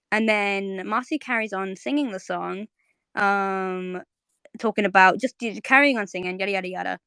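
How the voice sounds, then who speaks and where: A woman talks casually as host of a live online audio chat. She retells a story in a rambling, enthusiastic way, with frequent fillers and self-corrections. Her voice sits at a medium pitch, and the recording is dry and close. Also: a bit bright, clear, resonant tone, no echo. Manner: chatty, fast recapping with lots of fillers.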